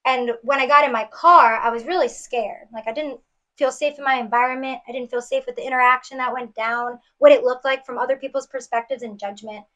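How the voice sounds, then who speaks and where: A woman's voice: sits high, fairly even intonation, a little fast, fairly bright tone. A woman from New York City, a podcast guest, earnestly retelling a painful personal story with many restarts. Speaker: guest auditioning as co-host.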